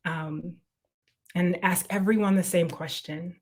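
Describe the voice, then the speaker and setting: A woman serving as panel moderator, with a slightly low voice and a measured, formal delivery. She reads out a poetic introduction and then turns to her guests with questions. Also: fairly even intonation, a little mellow. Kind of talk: reading an introduction and posing questions.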